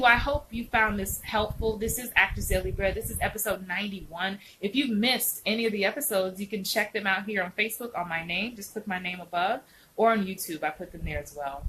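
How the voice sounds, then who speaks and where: A woman's voice: mid-range voice, background noise. A woman acting coach hosting a casual live stream, chatting animatedly and answering viewers' comments by name.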